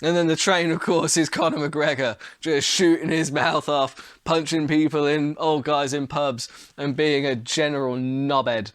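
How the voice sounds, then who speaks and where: A man hosting his own podcast, chatting bluntly and casually, his voice hoarse and worn from illness with the odd cough. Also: on the high side, steady tone, measured pace, hardly any pauses, dry recording. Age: adult. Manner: chatty, blunt, swears mildly. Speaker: podcast host. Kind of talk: casual solo podcast talk.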